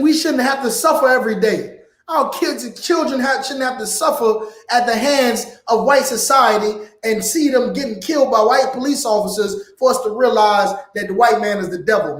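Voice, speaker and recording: A man preaching in a heated, blunt lecture, often ending his lines with "man". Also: sits high. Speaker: preacher teaching a class. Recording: echoey room.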